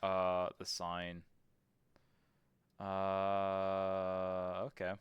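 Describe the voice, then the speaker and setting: Deep-voiced man casually playing a game. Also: completely flat delivery, very slow, smooth, dry recording, muffled recording. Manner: thinks aloud, reads game menus aloud, swears casually. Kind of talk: casual let's-play commentary.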